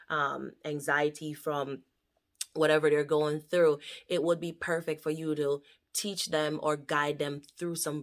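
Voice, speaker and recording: Low-voiced woman explaining counseling crafts. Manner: animated, acts out panicky inner voices with laughs. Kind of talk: casual instructional vlog.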